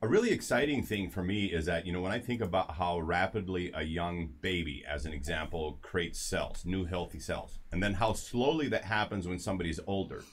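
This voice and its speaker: Host guy with a lowish voice, rambling anecdote, talks in circles. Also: brisk, few pauses. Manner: rambling, lots of restarts and asides. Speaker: show host. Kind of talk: casual health talk, storytelling.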